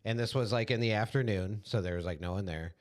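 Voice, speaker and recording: A young adult man, a podcast co-host, telling a story in a relaxed, casual way with lots of fillers. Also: fairly low pitch, fast. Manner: laid-back storytelling with fillers. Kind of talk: casual chat.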